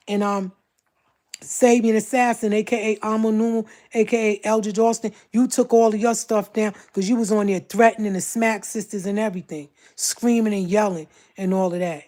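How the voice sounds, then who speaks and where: A woman's voice: medium pitch, fairly even intonation, moderate pace, mellow. A woman from Brooklyn with a Brooklyn accent, talking bluntly and confrontationally on a casual livestream. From Brooklyn, New York.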